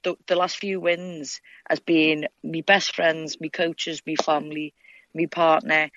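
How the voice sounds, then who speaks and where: A woman's voice: low-pitched, level tone, measured pace, a bit bright, no echo, lo-fi sound. A young woman with a Scouse accent, a fighter, chatting freely in an interview and swearing often. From Liverpool, England. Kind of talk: casual interview.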